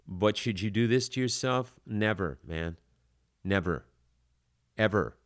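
An older man hosting an acting advice podcast, talking in an animated, emphatic way with many fillers. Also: on the low side, a little slow, no room sound, studio quality. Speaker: acting coach podcast host.

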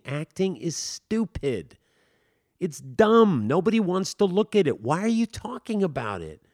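A middle-aged man teaching an acting class in an informal talk, swinging between quiet asides and loud emphatic bursts, with stammered restarts. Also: mid-range voice, no room sound, studio quality.

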